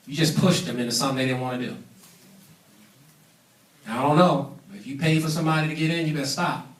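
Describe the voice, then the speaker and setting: A man's voice: on the high side, fast, long pauses. A man giving an emphatic business training talk to a live audience, preaching his points and calling for responses. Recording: echoey room, mic at a distance.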